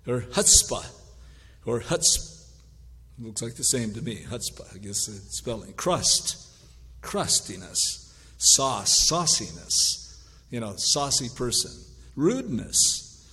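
A man preaching a sermon, reading word lists slowly and adding wry mock-gentle asides. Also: medium pitch, long reverb tail. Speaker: pastor.

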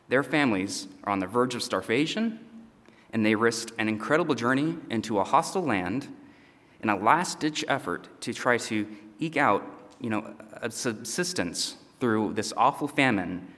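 A pastor teaches a sermon and reads scripture conversationally, often checking in with listeners through asides like "okay?" and "all right?". His medium-pitched voice is expressive, unhurried and fairly bright, and the recording has a long hall reverb.

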